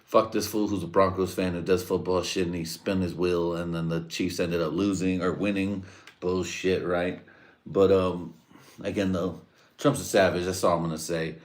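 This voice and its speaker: A man's voice: low-pitched, little pitch movement, normal speed. A man hosting his own livestream, rambling crudely and laughing at his own jokes. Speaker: livestream host. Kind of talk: casual profane livestream rant.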